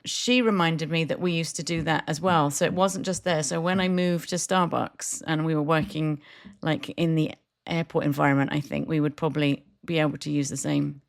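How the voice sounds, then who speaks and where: A woman's voice: sits low, fairly even intonation, moderate pace, creaky, few pauses. A woman co-hosting a café podcast, telling stories in a casual chat and laughing often. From Britain. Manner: storytelling with frequent laughter. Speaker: podcast co-host.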